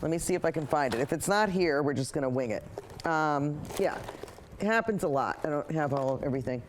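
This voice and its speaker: A woman's voice: low-pitched, expressive, a little fast, a little hiss or hum. A middle-aged woman with a cold teaches a painting lesson in a rambling, talkative way, with self-mocking asides. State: has a cold. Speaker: painting instructor.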